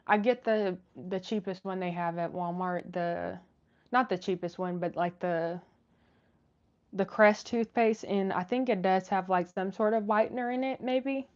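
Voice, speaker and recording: A woman's voice: medium pitch, highs cut off. A woman hosting a live stream, chatting casually with viewers and reading their messages, with many fillers and restarts. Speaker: livestream host reading chat.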